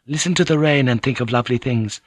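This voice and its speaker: A man's voice: mid-range voice, fast, dry recording, clean studio sound, close to an everyday voice. A man voicing an anxious young Japanese woman who scolds and soothes herself in her thoughts. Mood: coaxing. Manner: urgent inner voice, chiding herself.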